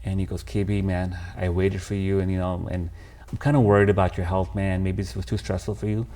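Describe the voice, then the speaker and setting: A man's voice: deep voice, flat delivery, fairly quick, warm tone. A man, a podcast guest telling his life story candidly and emotionally, calling the host "bro". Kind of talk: casual storytelling interview.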